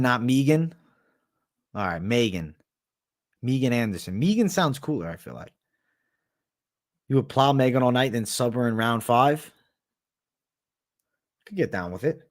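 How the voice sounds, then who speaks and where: A man's voice: medium pitch, very animated, measured pace, long pauses. A man hosting a livestream, chatting casually while answering viewer questions, laid-back and profane. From United States. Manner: laid-back, profane, says "bro" a lot. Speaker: livestream host.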